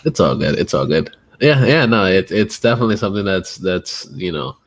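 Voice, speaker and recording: A man with a very low voice chats on a podcast, agreeable and easygoing. He speaks hesitantly, restarting his sentences as he works toward his point. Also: sing-song, brisk. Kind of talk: casual podcast chat.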